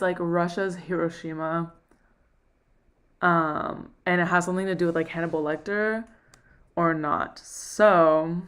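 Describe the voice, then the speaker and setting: A woman's voice: lowish voice, smooth. A young woman chatting on a live stream, rambling and self-conscious, out of breath from running. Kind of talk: casual live stream chat.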